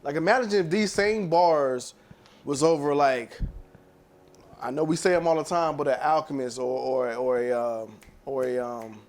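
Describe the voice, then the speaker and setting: A man's voice: fairly high pitch, moderate pace. A man co-hosting a podcast, talking in a laid-back way and searching for words. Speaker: podcast co-host. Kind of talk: casual chat.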